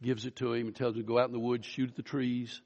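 A man's voice: medium pitch, little pitch movement, darkish tone. Man preaching in a reverberant church. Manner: storytelling, slows down and rises for emphasis. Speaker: pastor. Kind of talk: Easter sermon. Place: church sanctuary. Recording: dull audio with long hall reverb.

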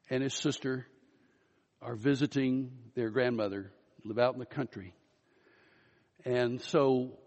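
A pastor preaching an Easter sermon, telling a story and slowing down and rising for emphasis. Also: male voice, medium pitch, darkish tone. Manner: storytelling, slows down and rises for emphasis. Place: church sanctuary. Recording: dull audio with long hall reverb.

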